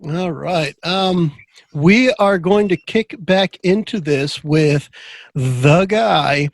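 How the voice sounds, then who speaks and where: A man's voice: a little high, takes it slowly, vocal fry, dry recording. A man hosting a tabletop game podcast as game master, chatting casually and rambling with frequent laughs.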